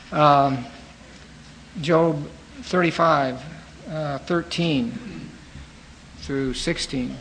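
A man's voice: on the high side, gravelly, fairly bright tone, slight background noise, rough recording. A man teaching through a book of the Bible, reading verses aloud and then explaining them in plain everyday words.

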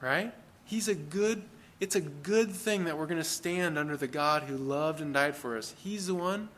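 A man's voice: a little high, normal speed, a bit bright. A man preaching a sermon as pastor, speaking in an earnest, plain-spoken conversational way and putting rhetorical questions to the congregation.

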